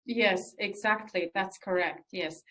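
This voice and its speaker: A woman researcher answering interview questions in an earnest, explanatory way, pausing often with fillers as she thinks. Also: mid-range voice, a bit bright, rough recording. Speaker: researcher guest.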